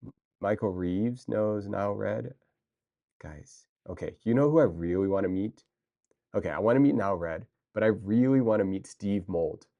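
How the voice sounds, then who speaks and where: A man on a livestream, talking casually to his viewers and answering their chat. He rambles excitably, restarting his sentences as he goes. His voice sits a little low for a man. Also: moderate pace, creaky.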